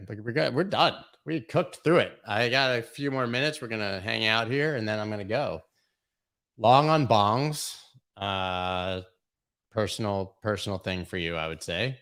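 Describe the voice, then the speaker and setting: Gravelly, low-voiced man riffing on a live stream. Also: a bit bright. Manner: loose and joking, reads out viewer questions and riffs on them. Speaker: host of a live crypto charting stream. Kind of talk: casual live-stream chat.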